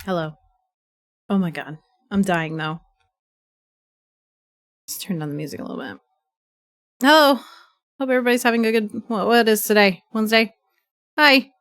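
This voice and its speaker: A young woman livestreaming, telling a chaotic story in a rambling, profane, animated way, with a stuffy nose from sneezing. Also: mid-range voice, normal speed, pauses often. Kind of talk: casual chat.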